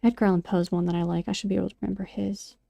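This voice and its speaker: A woman's voice: mid-range voice, little pitch movement, racing, gravelly, warm tone, dry recording. A woman vlogger chatting casually and rambling, with many fillers and restarts. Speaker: craft and poetry vlogger. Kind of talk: casual chat while sculpting.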